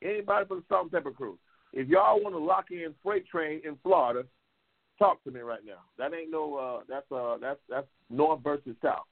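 A man hosting a call-in talk show, heated and profane, repeating himself and jumping into high outbursts. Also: big pitch swings, moderate pace, vocal fry, dry recording. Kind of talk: loud profane call-in chat. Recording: phone-like lo-fi audio.

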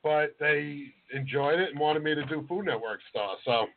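A man chats through a casual podcast, rambling into stories and trailing off mid-sentence. His voice sits a little high. The sound is tinny and narrow, like a phone line. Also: normal speed. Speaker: podcast co-host and chef.

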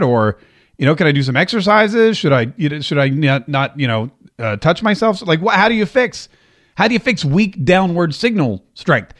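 A man's voice: fairly high pitch, sing-song, normal speed. A man hosting his own radio and podcast show from a home studio, telling a rambling, self-mocking story in a joking, casual way. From Jacksonville, Florida area. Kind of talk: casual comedic monologue.

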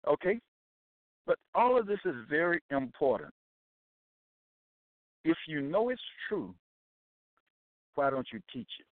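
An insistent man preaches in a monologue, repeating each point several times. His voice swings lively up and down for emphasis. It sounds dry and thin, like a phone line. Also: on the high side, unhurried, long pauses, dry recording. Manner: repetitive, insistent, rising and falling emphasis. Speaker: self-published author and Bible commentator.

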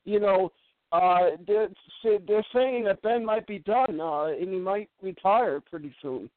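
A man's voice: high-pitched, measured pace, no echo. A man hosting a casual sports call-in show, telling a long rambling story with many restarts. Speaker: sports talk show host. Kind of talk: casual call-in radio chat. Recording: dry tinny phone-line sound.

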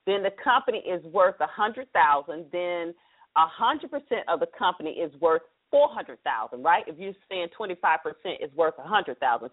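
A middle-aged woman hosting a live internet radio talk show in an upbeat, chatty way, explaining things step by step over a phone line. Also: mid-range voice.

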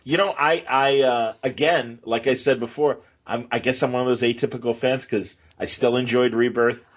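An easygoing man hosts a podcast, chatting loosely and laughing along with his guest. His voice sits at an ordinary middle pitch. The sound is dull and lo-fi. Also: steady tone, moderate pace. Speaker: podcast host. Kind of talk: casual podcast interview.

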